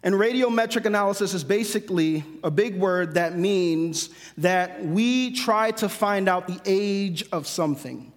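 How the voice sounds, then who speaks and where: Male preacher, high-pitched, conversational sermon delivery, long reverb of a large hall. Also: measured pace, few pauses. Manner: conversational, self-correcting, with humorous asides.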